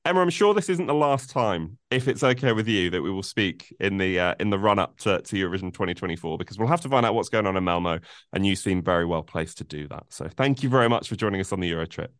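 A man's voice: sits low, lively intonation, quick pace, fairly bright tone, no room sound, clean studio sound. A man hosting a podcast, chatting playfully with restarts and jokes at his own expense. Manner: playful, self-mocking, hesitant restarts. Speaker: podcast host. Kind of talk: casual podcast interview.

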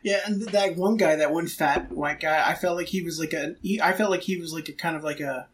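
A man's voice: on the high side, a little fast, poor audio. Laid-back man co-hosting a podcast. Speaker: podcast co-host. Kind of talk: casual movie review chat.

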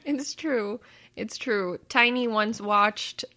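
A woman hosts a relaxed family chat, playful and upbeat. She laughs easily and keeps the questions coming. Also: a little high, takes it slowly. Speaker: host asking a child questions.

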